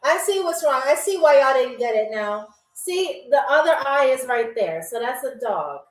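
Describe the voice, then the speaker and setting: A woman's voice: sits high, animated, moderate pace, recorded from a distance. A woman hosting a live-stream game show, chatty and teasing as she reads viewer comments aloud. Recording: roomy, off-mic, faint music behind. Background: faint background music.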